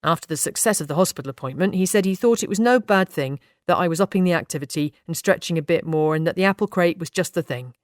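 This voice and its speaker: A woman voicing an elderly grandfather who talks in a gentle, homely way, in an audiobook reading. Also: lowish voice, fast, few pauses, dry recording, clean studio sound, close to an everyday voice. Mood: fond. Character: elderly British grandfather, kindly, plain-spoken.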